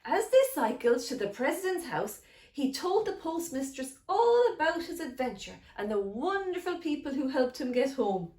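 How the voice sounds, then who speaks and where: Brief: woman author reading aloud to kids, very expressive pitch. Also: moderate pace, echoey room. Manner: animated, addresses children directly. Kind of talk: picture-book read-aloud for children.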